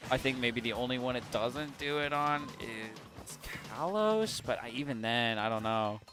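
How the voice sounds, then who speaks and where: A man's voice: medium pitch, lively intonation, a little slow, over music. A young man commentating an esports match in a laid-back, jokey way, explaining plays casually. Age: young adult.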